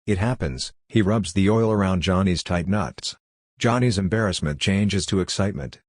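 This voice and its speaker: A man slowly reading his own literary fiction aloud in a deadpan, fragmented recitation. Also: deep voice, dry recording, studio quality.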